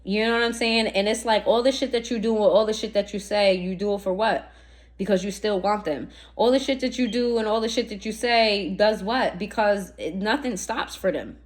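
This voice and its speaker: A woman's voice: mid-range voice, moderate pace. A woman giving a casual tarot reading, blunt and profane, full of slang and rhetorical questions aimed straight at the listener. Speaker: tarot reader.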